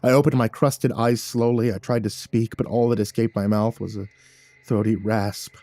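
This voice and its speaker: A man reads a horror story aloud in a low, mellow voice, keeping a measured and somber pace. The sound is close and dry, with no room around it. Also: steady tone, no echo. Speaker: narrator. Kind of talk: scripted horror story narration.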